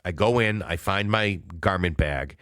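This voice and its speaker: A middle-aged man with a very low voice, co-hosting a podcast and spinning a long, meandering story. He strings his events together with "and then" in an easygoing, chatty way. The sound is dry and close, with no room around it. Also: a little slow, fairly bright tone, no room sound. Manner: rambling, long-winded anecdote telling. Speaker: podcast co-host. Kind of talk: casual storytelling chat.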